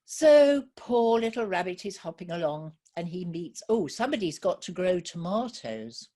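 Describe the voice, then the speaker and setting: A woman telling a children's story live to an online audience, gently encouraging and asking listeners for ideas. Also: fairly low pitch, very animated, moderate pace.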